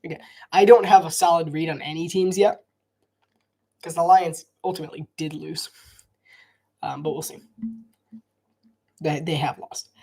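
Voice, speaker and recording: This is a man calling a football match live in a casual way, his voice on the high side and slightly rough. He takes his time and leaves long pauses, rambling, repeating himself and frequently starting sentences over, with plenty of coughing between the play-by-play and his opinions.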